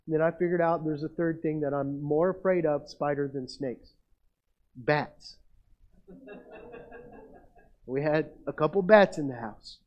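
Middle-aged male pastor, high voice, muffled lo-fi recording, self-mocking storyteller in a sermon. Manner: storytelling, self-mocking, builds to emphatic peaks. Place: church. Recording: muffled lo-fi sound.

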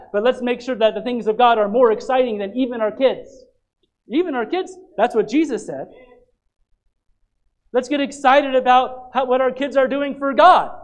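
A man preaching a sermon as pastor, urging his listeners again and again, swinging from loud calls to quiet asides. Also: sits high, poor audio. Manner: exhorting, repetitive calls to get excited; dynamic, dropping to quiet asides.

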